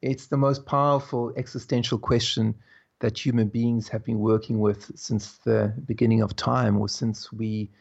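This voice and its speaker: Husky gravelly guy reflecting slowly, bit dull lo-fi audio. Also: on the low side, level tone. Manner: slow, musing, laughs softly between thoughts. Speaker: guest, spiritual teacher. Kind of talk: reflective conversational storytelling.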